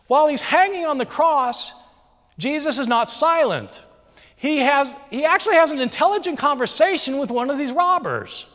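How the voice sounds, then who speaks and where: A man giving an emphatic debate speech, lecturing with lively emphasis. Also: extremely high pitch, normal speed. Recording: echoey hall.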